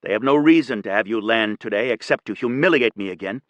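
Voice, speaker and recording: A man voicing a hot-headed young male copilot, resentful and shouting in anger. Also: lowish voice, fast talker, dry recording, highs cut off, natural voice. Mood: furious.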